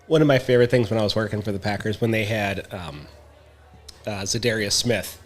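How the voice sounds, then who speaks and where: A man's voice: on the low side, brisk. A man co-hosting a casual podcast chat, telling sports stories and acting out the people in them. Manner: animated storyteller, acts out quotes. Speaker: podcast co-host.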